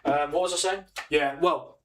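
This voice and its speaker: Excitable man streaming football. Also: on the high side, moderate pace, background noise. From England. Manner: excitable, swears mildly, reacts to chat. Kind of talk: casual live stream chat. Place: home room with windows, rain outside.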